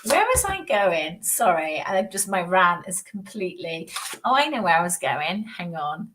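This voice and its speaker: A woman chats her way through live psychic readings on a stream, rambling and animated with frequent laughs. She sits a little back from the microphone, and a faint noise runs underneath. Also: fairly low pitch, normal speed, distant mic. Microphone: video call.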